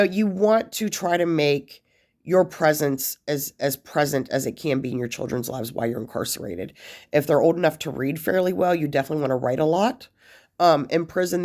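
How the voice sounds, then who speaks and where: A woman with a low-pitched, darkish voice vlogs about life after prison, giving casual advice to the camera. She rambles with lots of fillers and restarts, and at times gets emotional enough to nearly cry.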